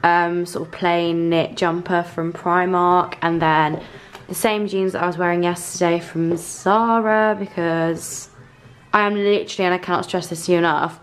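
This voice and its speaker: A woman of twenty from England chatting casually to camera in her bedroom, gushing and excitable, full of "literally" and "like". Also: on the low side. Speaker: vlogger. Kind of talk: casual vlog chat. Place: small bedroom indoors with fairy lights.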